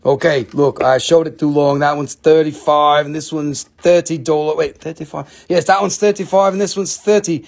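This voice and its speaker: A man hosting a live mineral sales show from home, joking around, swearing and laughing as he pitches stones. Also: moderate pace, vocal fry, few pauses, a little mellow. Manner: playful, profane, laughs often.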